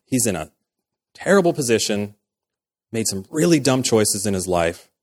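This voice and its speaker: A man in his thirties delivers a sermon in a relaxed, conversational manner. His voice sits low, and he often breaks into quoted back-and-forth dialogue. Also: moderate pace. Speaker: pastor.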